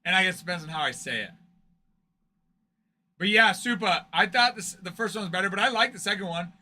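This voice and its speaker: Hosting a card break stream, a man chats casually with his viewers, joking and laughing often. His voice sits high and sounds animated, pushed and bright, moving a little fast.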